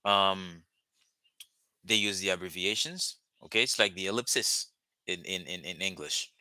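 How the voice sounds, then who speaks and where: Man, language teacher, lowish voice, very bright tone, dry close sound. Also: dry recording. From Haiti. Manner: explains slowly with frequent "okay?" checks and restarts. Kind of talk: casual language lesson.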